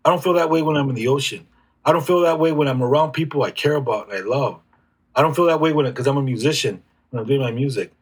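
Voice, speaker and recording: A man speaking as an interview guest, reflective and halting, with frequent restarts. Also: medium pitch, breathy edge. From United States. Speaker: guest healer. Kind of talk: casual conversational interview.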